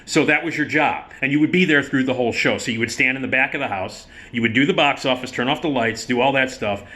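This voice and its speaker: Bright-voiced man telling stories. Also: medium pitch, fast. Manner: profane, animated, laughing storyteller. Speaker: storyteller. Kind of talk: casual anecdote telling.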